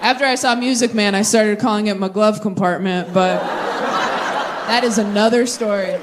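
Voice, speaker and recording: A young adult woman doing a stand-up set with crowd work, animated and self-deprecating, with quick asides. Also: medium pitch, background noise. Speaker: stand-up comedian. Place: theater stage with live audience.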